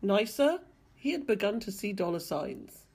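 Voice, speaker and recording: A woman's voice: medium pitch, big pitch swings, moderate pace, a little mellow, slightly rough. Woman reading fiction dramatically. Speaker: reader. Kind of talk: audiobook reading.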